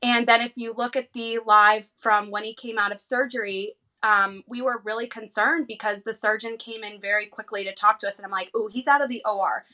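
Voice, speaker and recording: Woman guest, 30s, American, vivid storyteller, bright tone. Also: on the high side. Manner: animated, fast retelling with lively quoted dialogue. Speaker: interview guest. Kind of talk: emotional personal storytelling.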